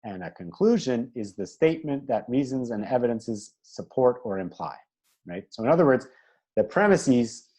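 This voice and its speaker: Chatty male teacher with a lively voice. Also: mid-range voice. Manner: chatty, checks in with "right?" and "okay?"; self-correcting, with fillers and restarts. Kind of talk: informal classroom lecture.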